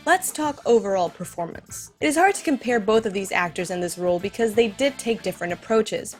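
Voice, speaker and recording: A woman hosting a scripted film commentary, enthusiastic and speaking directly to her viewers. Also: medium pitch. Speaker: video essay host.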